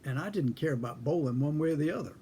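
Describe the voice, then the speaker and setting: A man's voice: fairly high pitch, lively intonation, quick pace, mellow, a little hiss or hum. A man telling a casual story in a folksy, dry way, acting out both sides of a conversation. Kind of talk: casual spoken anecdote.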